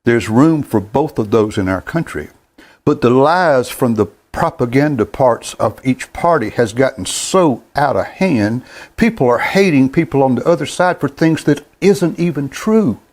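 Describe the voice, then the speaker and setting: Man in his 70s, show host, earnest halting monologue, mid-range voice. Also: mid-range voice, animated, a little mellow. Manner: halting, repeats words, plain-spoken.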